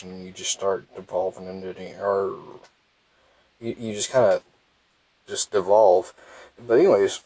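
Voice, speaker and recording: A man's voice: sits low, level tone, measured pace, long pauses, warm tone, no echo, rough recording. A tired young man from Mississippi, rambling wryly in a casual vlog from his parked car. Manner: rambling, self-interrupting, wry. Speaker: gaming vlogger. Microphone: phone.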